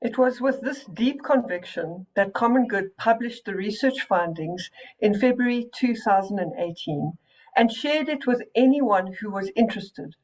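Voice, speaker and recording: Woman, clear voice-over. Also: mid-range voice, a little mellow, poor audio. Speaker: organisation spokesperson. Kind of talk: scripted documentary voice-over.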